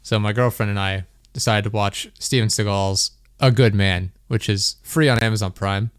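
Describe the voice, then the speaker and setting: A man's voice: lowish voice, steady tone, moderate pace, clean tone, dry recording, studio quality. Rambling, laughing young male podcast host. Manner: rambling, laughing storytelling, lots of "like". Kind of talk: casual chat.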